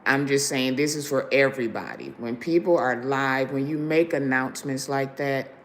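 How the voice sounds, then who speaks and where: A woman hosting a live stream, lying down in pain, speaking slowly and emphatically to her viewers. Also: extremely low pitch. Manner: slow and emphatic, hyping viewers to like. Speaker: show host.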